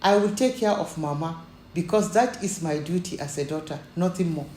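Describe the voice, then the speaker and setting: Steady heiress, measured and icy, put on by a woman narrator; room echo. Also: on the low side, a little hiss or hum, natural voice. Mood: firm. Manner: firm, measured, cool. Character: wealthy young Nigerian woman, calm and firm.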